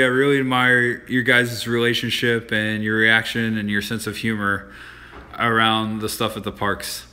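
A man's voice: mid-range voice, pushed and bright. A man hosting a casual livestream from his home, chatting in a rambling, friendly, self-deprecating way. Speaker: livestream host. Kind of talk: casual live-stream chat.

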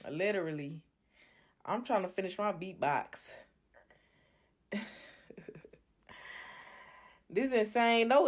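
A drunk woman ranting on a home livestream, brash and taunting, repeating her jabs over and over. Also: medium pitch. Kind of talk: livestream rant. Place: home bedroom, indoors.

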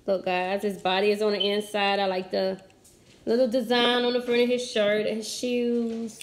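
Chatty mom with a high, whiny voice. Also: female voice, moderate pace, fairly bright tone. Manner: chatty, addresses viewers as guys. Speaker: mother showing toys on a family channel. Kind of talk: toy unboxing demonstration.

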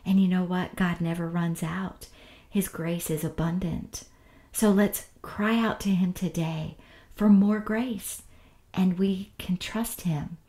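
A woman teaching the Bible in a gentle devotional style, often half-whispering with tender warmth. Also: fairly low pitch, steady tone, slow pace, reverberant.

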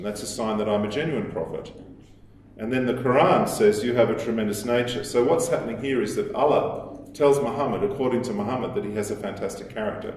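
A man with a lowish voice delivers a lecture in a strongly echoing room. He explains at a measured pace, quoting texts and pausing on the odd filler. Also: a little mellow, slight background noise. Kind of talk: recorded lecture. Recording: very echoey room.

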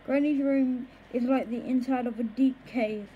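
A woman reading a children's book aloud in a slow, careful way, with occasional small stumbles over words. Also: sits high, steady tone, phone-quality sound, slight background noise. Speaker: storybook reader.

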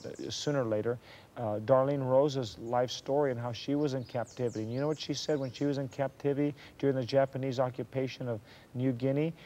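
A man's voice: medium pitch, mellow, slight background noise. A man telling a historical story from a Christian view, earnest and given to preachy asides to his listeners.

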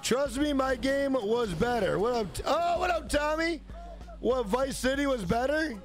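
A man's voice: very high voice, expressive, unhurried, faint music behind. A man chatting casually on a game live stream, rambling and swearing. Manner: profane, rambling banter.

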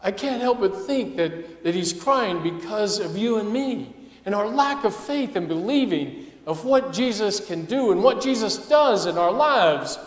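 A male pastor preaching a sermon with passion, dropping to a hush and then rising to loud emphasis. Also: high-pitched, animated, unhurried. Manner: impassioned preaching, swinging between hushed and loud. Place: church sanctuary. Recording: echoey church hall.

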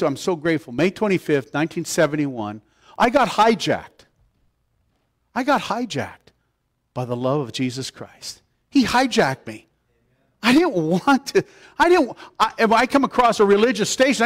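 Animated male pastor preaching. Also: on the high side. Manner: conversational preaching with wide swings in loudness, dropping soft for emphasis. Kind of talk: sermon. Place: church.

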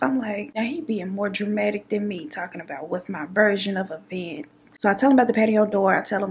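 A YouTube storyteller with a mid-range voice tells her viewers a dramatic personal story, talking fairly quickly with few pauses. She is sassy and chatty, calling her listeners "child" and "girl."

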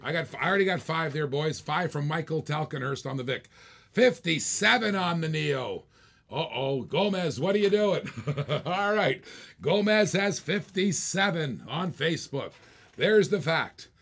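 Gravelly man calling a live auction. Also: a little high, lively intonation, a little slow, fairly bright tone. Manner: playful, repetitive bid patter with jokes. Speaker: auctioneer and host.

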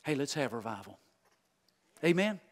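A male guest preacher giving a revival sermon, folksy and joking, swinging from loud exhortation to hushed intensity. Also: mid-range voice, very animated, normal speed.

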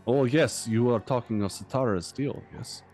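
A man's voice: mid-range voice, moderate pace, a little mellow, soft background music, voice pushed up, close to an everyday voice. A man voicing a scheming male rat king with a vaguely Eastern European accent and a hissing, whispery voice. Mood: grand.

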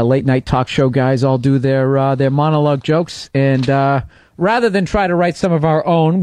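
A man's voice: on the high side, a little mellow, no room sound. A man hosting a comedy radio show, setting up bits and teasing his co-host. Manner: teasing, sets up bits, stammering restarts.

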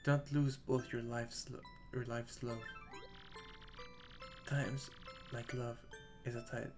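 A man voicing a gentle young wife reading her farewell letter in a tender, earnest way. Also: mid-range voice, level tone, slow, over music, lightly acted. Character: Scarlet, loving dying young wife, gentle.

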